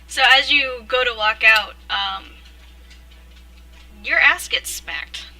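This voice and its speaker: A woman with a very bright, slightly high voice narrates a tabletop game as game master. She talks in a relaxed way, full of ums and small hesitations. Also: takes it slowly, rough recording. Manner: relaxed, hesitant with fillers and frequent laughs.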